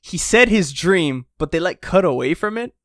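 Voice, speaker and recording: A man's voice: high voice, normal speed, dry recording, clean studio sound. Rambling man chatting on a podcast. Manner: rambling, lots of fillers and restarts; acts out character quotes in lively voices. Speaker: podcast co-host. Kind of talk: casual chat.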